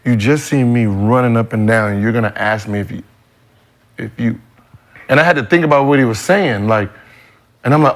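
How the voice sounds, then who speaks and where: A man's voice: mid-range voice, fairly quick, long pauses. A man hosting a sports podcast, telling a story with emphatic profanity and mimicking other people's voices. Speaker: podcast host. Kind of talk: animated storytelling in casual chat.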